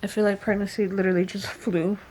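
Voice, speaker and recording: A young woman vlogging casually about her pregnancy, chatty and excitable, full of fillers. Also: medium pitch, fast, husky.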